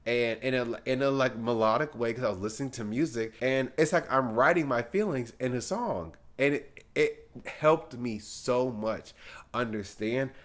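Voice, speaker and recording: A man's voice: mid-range voice, moderate pace. Young guy talking heart to heart on his vlog, keeps saying literally and like, kinda earnest and reassuring. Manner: earnest, encouraging, repeats phrases, says "literally" and "like" often. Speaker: vlogger. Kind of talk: casual advice talk while getting ready.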